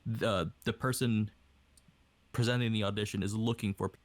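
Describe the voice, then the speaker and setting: Low-voiced young man from Hawaii, dry. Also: steady tone, moderate pace, dry recording. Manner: rambling, casual, with many fillers. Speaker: aspiring voice actor. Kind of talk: casual podcast chat.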